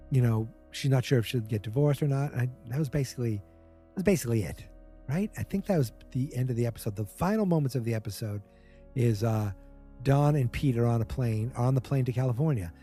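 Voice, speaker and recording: A man's voice: medium pitch, lively intonation, a little fast, mellow, faint music behind. A man hosting a podcast, casually recapping a TV episode in a chatty, wry way and mimicking the characters' lines. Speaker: podcast host.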